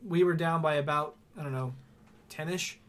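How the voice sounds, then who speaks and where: A man's voice: on the high side, steady tone, normal speed, fairly bright tone. Rambling young man, sports podcast co-host. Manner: rambling, laughs often. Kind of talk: casual sports chat.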